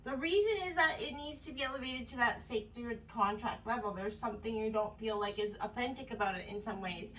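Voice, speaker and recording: A woman's voice: on the high side, brisk, hardly any pauses, a bit bright, recorded from a distance, a little hiss or hum, low-quality recording. A woman giving a casual tarot reading, a little out of breath, meandering and full of "you know" and "right?". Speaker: tarot reader.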